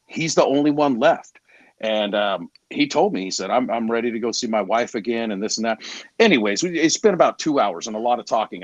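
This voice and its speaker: A man in his forties tells stories from his sales work in a relaxed podcast conversation. He speaks candidly and acts out the people he quotes. His voice sits mid-range, recorded dry and close. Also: medium pitch, dry recording, muffled recording. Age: 40s. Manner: candid, storytelling, quoting others in voices. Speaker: garage door salesman. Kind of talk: casual podcast storytelling.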